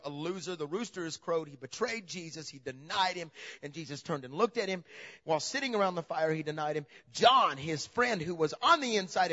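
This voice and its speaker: A man preaches in a fairly high voice, telling the story with swings from loud emphasis down to a hushed near-whisper. The recording is dull and lo-fi. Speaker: pastor. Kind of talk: sermon. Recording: dull lo-fi sound.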